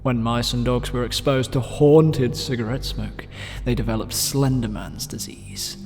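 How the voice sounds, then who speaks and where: A man's voice: medium pitch, a little slow, darkish tone, in a large hall, faint music behind. A man doing comedic, mock-spooky readings of horror-themed stories as a gaming YouTuber.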